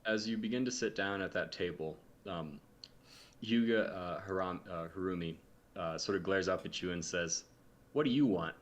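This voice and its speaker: A man narrating a tabletop game as game master, pausing often with ums and uhs. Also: deep voice, fairly even intonation, fairly bright tone. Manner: hesitant, many ums and uhs.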